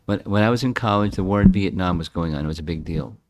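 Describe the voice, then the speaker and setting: A man's voice: deep voice, fast, a little hiss or hum. A man in his seventies giving a devotional scripture talk in a reflective way, often repeating and restarting words. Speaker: scripture class speaker.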